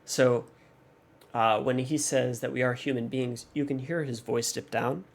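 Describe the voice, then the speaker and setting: A man's voice: medium pitch, fairly even intonation, a little slow, vocal fry. A man hosting a music reaction channel, analyzing a song in a thoughtful, hesitant way with many fillers and restarts.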